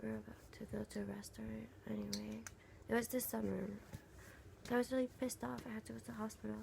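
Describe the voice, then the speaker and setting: A young woman venting in a casual vlog, speaking softly and haltingly with many fillers, her voice gravelly and often half-whispered. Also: a little high, fairly even intonation, noisy background. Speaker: vlogger.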